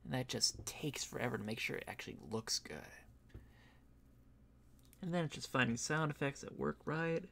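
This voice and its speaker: A man who voice acts, chatting casually on a stream, rambling with fillers and soft laughs, a bit tired and yawning. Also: medium pitch, normal speed, gravelly, pauses often, slight background noise. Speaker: voice actor and streamer.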